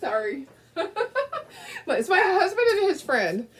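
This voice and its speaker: A woman's voice: high-pitched, sing-song, a little slow, a little hiss or hum. A woman hosting a craft video, chatting casually and telling stories while she paints, rambling a little and laughing often. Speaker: craft show host.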